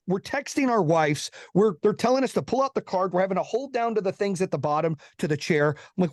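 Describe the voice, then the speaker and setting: Profane, high-voiced man telling a story. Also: no echo, studio quality. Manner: profane, fast-moving anecdote with acted-out quotes. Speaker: podcast guest, entrepreneur. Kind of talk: casual storytelling.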